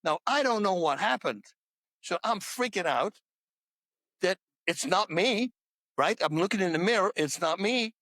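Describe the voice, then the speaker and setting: A man with a high-pitched voice tells wild stories in a podcast chat, laughing between words and tripping over his restarts. The sound is close and dry, with no room around it. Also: measured pace, no echo. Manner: lively storyteller, laughs mid-sentence, restarts words. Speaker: podcast guest. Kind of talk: animated anecdote telling in a podcast chat.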